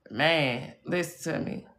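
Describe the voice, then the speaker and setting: Bright-toned woman on a live stream, kinda low-pitched, chatty, swears a lot, keeps saying y'all. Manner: chatty and emphatic, swears freely, addresses viewers as y'all and baby. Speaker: live-stream spiritual reader. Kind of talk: casual live-stream storytelling.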